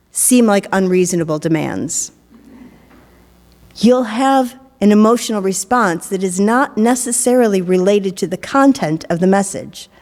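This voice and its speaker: Preaching during a worship service, a middle-aged woman minister keeps things light with a playful manner and humorous asides. Her voice sits in the mid-range with a darkish tone. The sanctuary's large space leaves a long reverb on the recording.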